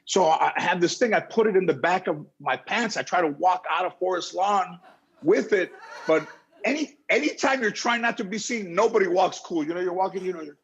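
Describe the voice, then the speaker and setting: A middle-aged man telling a rambling, animated story as a talk show guest. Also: sits high, brisk, muffled recording, a little hiss or hum. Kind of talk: casual storytelling.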